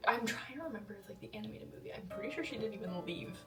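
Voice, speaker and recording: A woman's voice: medium pitch, animated, very fast. A young woman vlogs about a movie in a loose, rambling way, with lots of fillers and side comments. Her voice sits a little back from the mic in an echoey room, with a faint bed of music underneath. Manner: chatty, rambling, many fillers and asides. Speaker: vlogger. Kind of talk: casual film review monologue. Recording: roomy echo, voice a bit far from mic.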